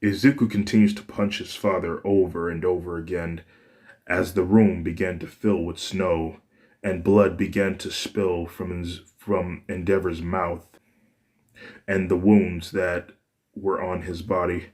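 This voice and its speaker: A man's voice: low-pitched, level tone, unhurried, darkish tone. A man narrating a fan fiction story in a plain, unpolished reading with frequent restarts.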